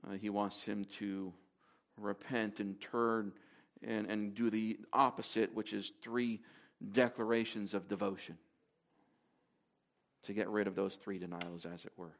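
A man's voice: lowish voice, flat delivery, a little slow, creaky. A man preaching to a congregation in a conversational way, with fillers and restarts as he reads scripture aloud. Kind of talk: sermon.

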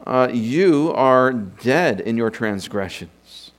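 Male preacher, unhurried delivery, mid-pitched voice, rhetorical questions, off-the-cuff Bible teaching. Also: lively intonation. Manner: thinks aloud with rhetorical questions and restarts.

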